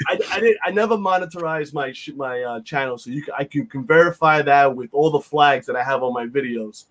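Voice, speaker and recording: A man's voice: mid-range voice, brisk, a bit bright. A man, hosting a casual podcast chat in a blunt, rambling, profane way with lots of fillers. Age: 50s. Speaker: podcast host.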